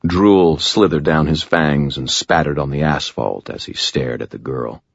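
A man's voice: very deep voice, unhurried, creaky, husky, no echo, highs cut off. A man narrating an audiobook in the first person, with dry, wry storytelling.

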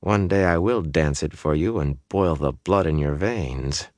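A man voicing a proud, quick-tempered young noblewoman in an audiobook, with a sharp, scolding manner. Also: very deep voice, no echo, clean studio sound. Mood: teasing.

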